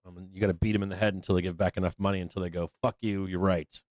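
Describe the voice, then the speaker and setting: Hosting a live trading stream, this man speaks very fast in a low-pitched, flat, slightly mellow voice, and there's no room sound. His casual commentary wanders, full of profanity, filler words, and sneering impressions of other traders.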